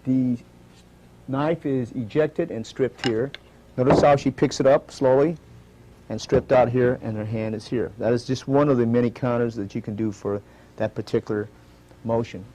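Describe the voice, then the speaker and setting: A man instructing a martial arts demonstration, calm and methodical, calling out each move and repeating "notice" and "okay" as he walks through it slowly. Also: mid-range voice. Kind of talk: live demonstration teaching. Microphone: stage demonstration recording.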